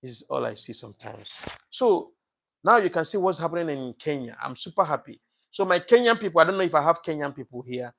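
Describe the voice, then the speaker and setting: A man's voice: on the high side, lively intonation, a little fast, vocal fry. A man hosting a casual live broadcast, thanking viewers by name and preaching passionately about politics, with many fillers and repeats. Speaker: live-stream host.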